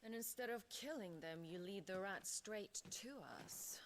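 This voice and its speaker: A woman's voice: mid-range voice, unhurried, background noise, natural voice. Name: Benedicta. A woman voicing a haughty noblewoman commander. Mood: scornful. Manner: cold, commanding, scornful. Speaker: game character.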